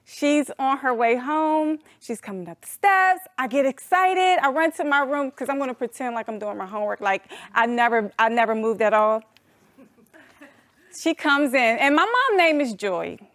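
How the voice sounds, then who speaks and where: An adult woman telling a humorous personal story to an audience, animated and playful, calling them y'all. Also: sits high, moderate pace, dry recording. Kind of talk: storytelling talk.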